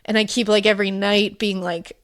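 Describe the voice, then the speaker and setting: A woman's voice: medium pitch, little pitch movement, a little fast, a bit bright. Chatty woman, podcast co-host. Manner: rambling, emotional storytelling with many fillers. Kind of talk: casual chat.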